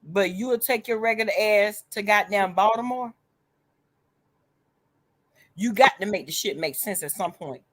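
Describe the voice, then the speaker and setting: A woman's voice: medium pitch, moderate pace, long pauses, no echo. Blunt, profane woman. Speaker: vlog co-host. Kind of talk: casual chat.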